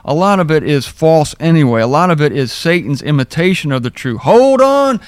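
A man teaching the Bible verse by verse in a conversational, wry way, rereading verses slowly for emphasis. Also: on the high side, clean tone, no echo.

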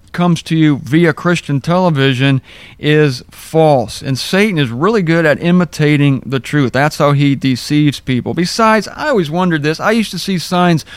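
Male Bible teacher, slightly high voice, dry close mic, wry and conversational. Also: clear, resonant tone, no echo. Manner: conversational, wry, rereads verses slowly for emphasis. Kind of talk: informal verse-by-verse Bible teaching.

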